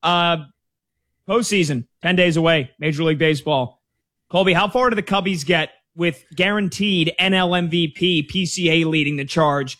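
Brief: male radio host, fairly high voice, dry studio sound, breezy banter. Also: moderate pace, fairly bright tone, no room sound. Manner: upbeat, folksy promos and banter. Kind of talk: casual sports radio hosting.

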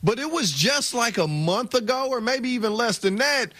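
A man's voice: very high voice, expressive, moderate pace, bright, forceful tone, no room sound. A man co-hosting a sports radio show, joking back and forth with his partner and laughing easily. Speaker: radio co-host. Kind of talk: casual sports radio banter.

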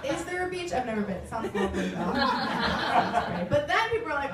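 A woman in her twenties performs stand-up, wry and self-deprecating, her pitch bouncing all over. Her voice sits a little high and comes from some way off the mic in a roomy space. Loud laughter and audience noise fill the background. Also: sing-song, normal speed, distant mic. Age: 20s. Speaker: stand-up comedian. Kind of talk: stand-up comedy set. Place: comedy club stage.

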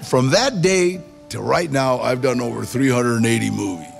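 A man in middle age telling a personal story in a casual, animated way, acting out the voices of people he quotes. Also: mid-range voice, normal speed, vocal fry, over loud music. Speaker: guest storyteller.

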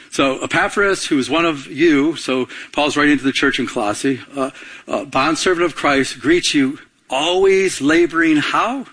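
A man preaching a sermon as pastor, asking the congregation to call out answers and building to excited bursts. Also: on the high side, slightly rough.

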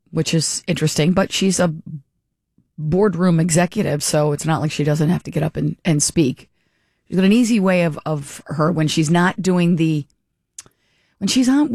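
A woman's voice: fairly low pitch, darkish tone, dry recording, studio quality. A woman hosting a talk radio show, giving chatty, opinionated political commentary with frequent restarts.

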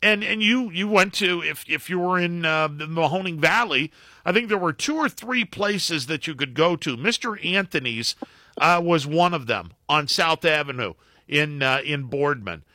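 A middle-aged former baseball broadcaster telling anecdotes as a guest, with halting restarts and acted-out quotes. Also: male voice, on the high side, no echo, clean studio sound. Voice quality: halting, many restarts and fillers. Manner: acts out quotes in animated anecdotes. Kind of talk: casual phone-in storytelling.

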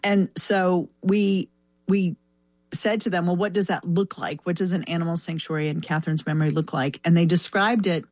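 A woman's voice: on the low side, steady tone, normal speed, darkish tone, no room sound. A woman speaking as a foundation representative in an interview, reflective and full of restarts and fillers. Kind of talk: conversational interview.

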